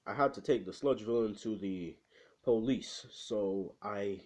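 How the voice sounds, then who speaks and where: A man's voice: fairly low pitch, measured pace, a little mellow. A man voicing a polite, earnest older male hero mentor in a casual retelling. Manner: formal, earnest. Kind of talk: casual retelling with quoted voices.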